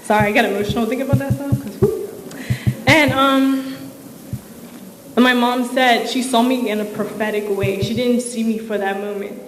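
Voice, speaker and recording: A woman's voice: on the high side, steady tone, normal speed. A young woman giving an inspirational, faith-filled commencement speech, casual and emotional, with many fillers. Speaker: commencement speaker. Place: large hall at a ceremony. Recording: echoey hall with crowd noise.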